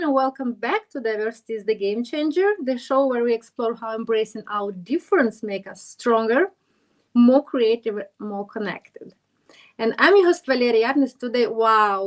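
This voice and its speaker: Enthusiastic female podcast host, a bit high-pitched, effusive. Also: expressive. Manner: effusive, enthusiastic with halting phrasing. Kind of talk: podcast interview.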